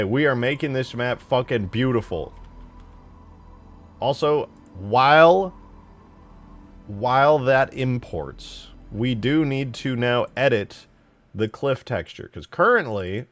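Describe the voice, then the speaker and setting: A man's voice: mid-range voice, expressive, slow, soft background music. A young man casually streaming while modding a game map, rambling and swearing in slangy talk.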